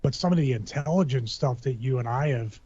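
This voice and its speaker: Husky man in lo-fi podcast chat. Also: medium pitch, fairly quick, mellow. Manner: rambling, joking, with many restarts. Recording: dull lo-fi sound.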